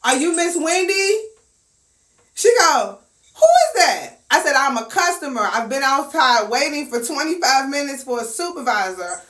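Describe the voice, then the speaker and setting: High, animated woman storyteller, roomy echo. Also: moderate pace. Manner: animated, acts out quotes with big pitch swings. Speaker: storyteller host. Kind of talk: casual storytime chat. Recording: echoey room with faint noise.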